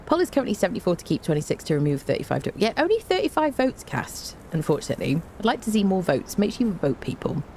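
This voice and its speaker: A woman's voice: medium pitch, very animated, fast, hardly any pauses, darkish tone, a little hiss or hum. A tired woman game streamer in casual live-stream chat, bubbly and chatty as she greets her viewers one by one with repeated hellos.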